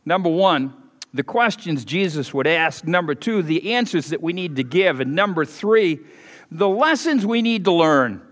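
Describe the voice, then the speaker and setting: A man preaching a sermon as pastor, telling folksy stories and leaping higher and louder for emphasis. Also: expressive, normal speed. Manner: folksy storytelling, swings loud and high for emphasis. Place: church sanctuary. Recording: preached in a hall with long reverb.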